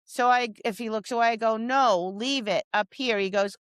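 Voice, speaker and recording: A woman's voice: on the high side, moderate pace, fairly bright tone, clean tone, no echo. A woman dog trainer co-hosting a podcast, talking casually and animatedly, acting out her dog's replies and scolding owners with exasperation. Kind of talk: casual chat.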